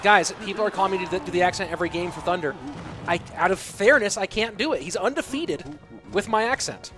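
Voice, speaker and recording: High-voiced American esports caster. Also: male voice, fast talker. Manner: chatty, reads out and answers viewer chat. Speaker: esports commentator. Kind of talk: live game commentary. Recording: music behind the voice.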